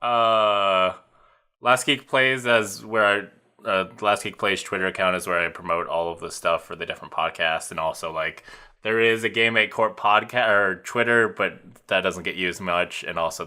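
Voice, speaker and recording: A man's voice: on the low side, bright, forceful tone. A man hosting a podcast in casual chat, rambling through jokey plugs and announcements. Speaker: podcast host.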